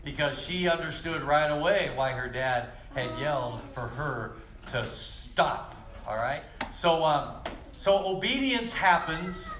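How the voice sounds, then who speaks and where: A man teaching children at church, telling stories lively and speaking straight to the kids. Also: a little high, takes it slowly, a little hiss or hum. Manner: lively, storytelling, addresses kids directly. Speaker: children's pastor. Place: church kids' room. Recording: echoey room with faint ambience.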